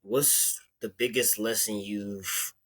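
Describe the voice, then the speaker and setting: Hesitant young man, low flat voice. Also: a little hiss or hum. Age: young adult. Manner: hesitant, halting questions. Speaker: son asking questions.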